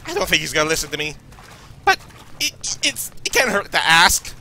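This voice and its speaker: Jittery young Canadian man, high bright voice. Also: sing-song, normal speed, a little hiss or hum. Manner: nervous, jittery, talks to himself. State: losing his voice. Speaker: let's play gamer. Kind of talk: horror game commentary.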